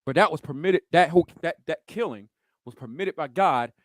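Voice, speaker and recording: A man preaching with a high, lively voice that jumps all over its range. He acts out the scenes he describes with vivid sounds. The sound is dry and close. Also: brisk, dry recording. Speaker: pastor. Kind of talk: preaching a sermon.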